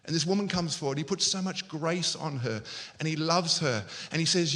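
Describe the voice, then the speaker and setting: A man's voice: on the high side, normal speed, sharp tone. A man preaching a sermon as pastor, telling Bible stories and acting out the quoted lines. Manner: storytelling, acts out quoted lines.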